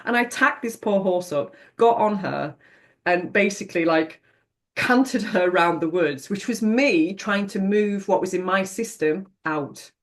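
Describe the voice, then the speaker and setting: A woman's voice: mid-range voice, unhurried. A middle-aged woman, a podcast guest telling a personal story in a frank, reflective way and swearing now and then.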